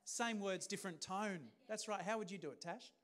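A man's voice: high voice, brisk, noisy background. A man preaching a sermon as pastor, talking in a conversational way and putting questions to the congregation.

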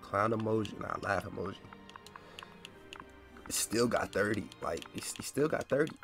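A man's voice: on the low side, expressive, moderate pace, gravelly, a bit bright, faint music behind. A young man giving casual gameplay commentary, incredulous and repeating himself with frequent stammers. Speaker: gaming video creator.

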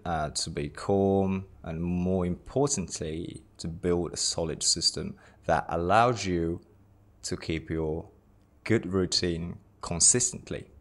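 Japanese guy in his 20s, low voice, british-ish english, rambly and jokey. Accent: British-tinged English. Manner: loose and chatty, repeats words, jokey asides. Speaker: lifestylist introducing himself. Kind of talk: casual self-introduction talk.

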